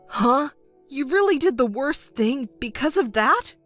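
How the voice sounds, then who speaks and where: A woman's voice: high voice, lively intonation, slow pace. A woman voicing a scripted text-story narration, cold and scolding, with faint music underneath.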